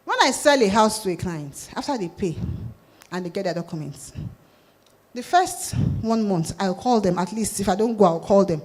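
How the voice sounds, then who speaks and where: A woman with a Nigerian accent giving a sales talk at a conference, lively and asking the audience questions. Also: mid-range voice, moderate pace. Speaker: conference speaker. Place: conference hall.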